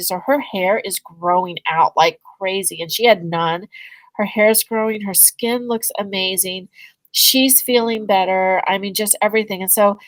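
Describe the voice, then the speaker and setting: A woman, a guest on a podcast interview, telling a story in a casual, animated way and acting out both sides of the conversations. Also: medium pitch, no echo, low-quality recording. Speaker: guest, energy healing business owner.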